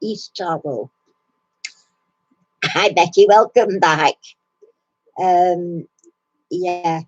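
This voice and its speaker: A husky-voiced woman talks slowly and easily from her recliner at home, hosting a relaxed live chat. She laughs often between remarks. The sound is dry and a bit dull, like lo-fi stream audio. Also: lowish voice. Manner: chatty, laughs often, coos baby talk to her dog.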